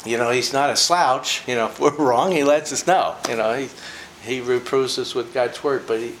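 This older preacher's voice is mid-range and fairly bright, with fairly even intonation and normal speed. He gives a chatty, informal devotional talk full of personal stories, folksy laughter, and fillers. The room is echoey with faint ambient noise.

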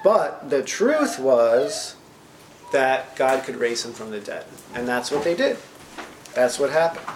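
A man preaching a sermon, reading scripture slowly and paraphrasing it, often asking the congregation "right?". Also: mid-range voice, big pitch swings, a little hiss or hum. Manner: asks the congregation questions, frequent "right?". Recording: roomy echo, faint ambience.

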